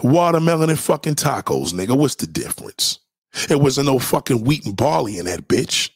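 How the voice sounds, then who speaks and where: Gravelly man ranting hard. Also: mid-range voice, sing-song, normal speed, no echo, studio quality. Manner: profane, confrontational, preachy. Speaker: commentator reacting to a clip. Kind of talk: heated reaction rant.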